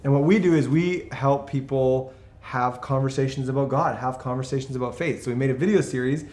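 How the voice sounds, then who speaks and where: Guy, young, keen and earnest, kinda rambly, middle pitch, echoey room. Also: fairly quick, darkish tone. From Canada. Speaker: interview guest, youth ministry video host. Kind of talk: casual interview chat. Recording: roomy echo.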